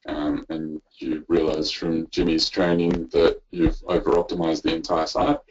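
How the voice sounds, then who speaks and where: A man's voice: extremely low pitch, monotone, measured pace, a little mellow, husky. A man co-presenting a webinar, chiming in with practical tips. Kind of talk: web call chat. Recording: muffled lo-fi call audio.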